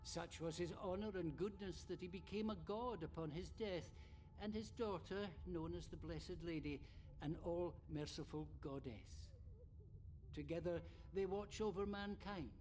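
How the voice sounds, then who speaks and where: An actor playing an earnest renegade priest who speaks in a formal, solemn, sermon-like way. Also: male voice, fairly high pitch, darkish tone, a little hiss or hum, close to an everyday voice. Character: earnest male renegade priest, devout and gentle. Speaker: game character.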